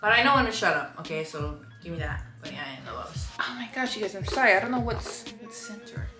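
A woman's voice: medium pitch, lively intonation, fast, reverberant, music in the background. A talkative young woman from Hawaii, chatting casually with her husband on camera and laughing often. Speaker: vlogger answering couple questions. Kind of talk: casual chat.

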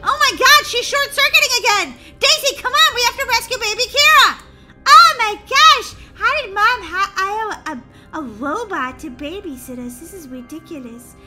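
A frantic young girl, played by a woman, very high and bright, shrieking and calling out in a game role-play. Her voice swings widely. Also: expressive, measured pace, soft background music, exaggerated voice. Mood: panicked. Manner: shrill panicked yelling. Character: excitable girl, older sister, bold.

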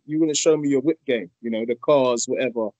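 A man's voice: medium pitch, fast, darkish tone, dry recording, low-quality recording. A British man interviewing a guest over a video call, asking hesitant, repeated questions.

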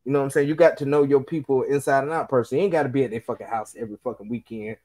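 This podcast co-host is a young man whose ordinary mid-range voice races along. His chat is relaxed and full of swearing, and as he spins animated stories he mimics the voices of whoever he's quoting.

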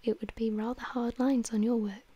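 A woman whispering the part of a witty, cynical aristocratic gentleman in a whispered role-play reading. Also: on the high side, level tone, normal speed, breathy edge, no echo. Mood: amused.

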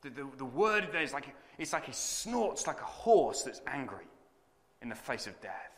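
A male preacher delivers a sermon in a lively, dramatic storytelling style. His voice is bright and clear with a slightly high pitch. It rings out with long reverb in a large hall. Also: moderate pace. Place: conference hall.

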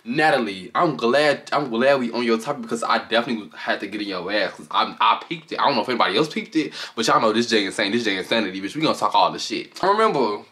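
A man giving casual reaction commentary as a vlogger, gossiping in an animated, profane way, recorded on a camera on a tripod. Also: mid-range voice, quick pace, few pauses.

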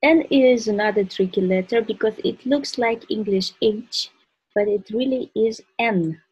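A woman's voice: medium pitch, unhurried, a little mellow, husky, no room sound, low-quality recording. A woman with a Russian accent teaching the alphabet, patiently saying each letter and example word and repeating them. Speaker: language teacher. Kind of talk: alphabet lesson with spoken examples.

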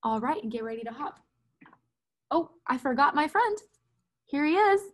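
A woman, a kindergarten music teacher, gently and patiently talking small children through a recorded music lesson in simple words. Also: high-pitched, very animated, moderate pace, rough recording.

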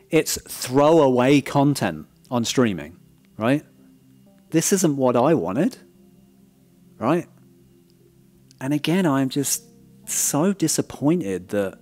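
A man's voice: medium pitch, darkish tone. Frank man reviewing a disc. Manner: frank, repeats "right?" often, restarts words. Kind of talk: casual critical review.

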